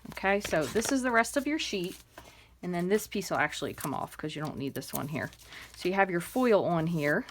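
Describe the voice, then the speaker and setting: A woman's voice: mid-range voice, background noise. Chatty woman demonstrating a craft. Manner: chatty, step-by-step instructions with fillers; murmurs soft asides while working. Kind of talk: hands-on crafting tutorial.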